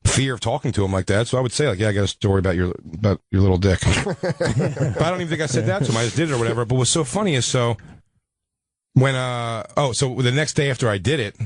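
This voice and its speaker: A man, a comedian, telling a story in a rambling, animated way with many restarts. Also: medium pitch, fast talker, breathy edge, no room sound. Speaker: comedian guest.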